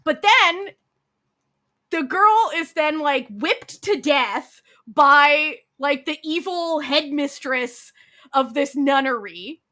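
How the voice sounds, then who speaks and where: Speaking slowly in a high-pitched voice, a woman co-hosting a podcast walks through a drama's plot in easygoing chat. She animates the characters' quotes, swears, and fills her speech with "like".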